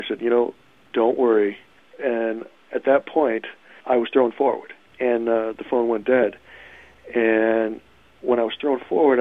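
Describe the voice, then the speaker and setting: A man recounting what he lived through in a halting way, with frequent fillers and restarts. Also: mid-range voice, no echo. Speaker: interviewee recounting an event. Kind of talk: personal account. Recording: tinny phone-line sound.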